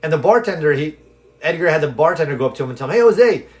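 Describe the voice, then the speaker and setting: A man's voice: on the high side, very fast. A man hosting a live stream, telling a story in a loose, talkative way and acting out the voices of the people in it. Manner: animated storyteller who acts out quoted people in the story; loose and talkative, with fillers and restarts. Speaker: live stream host answering viewer questions.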